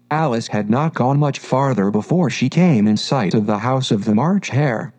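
A man reading a children's classic aloud as narrator, measured and gentle. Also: medium pitch. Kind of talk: storybook reading.

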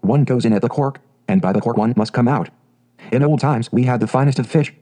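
A man's voice: mid-range voice, brisk, mellow, lightly acted. A man reading as a gloomy old peasant woman. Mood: glum.

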